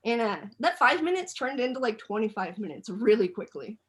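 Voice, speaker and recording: A woman doing a stand-up set over a video call, telling a story in a relaxed, rambling way full of fillers. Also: fairly high pitch, brisk. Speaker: stand-up comedian.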